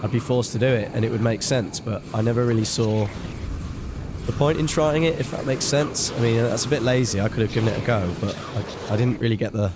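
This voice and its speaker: A man talks his way through a game on a live stream, wandering between thoughts and poking fun at himself. His pitch sits in the ordinary middle range. A steady hiss of background noise runs under the voice. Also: fairly quick. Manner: rambling, self-deprecating chatter while playing. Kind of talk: casual live-stream commentary.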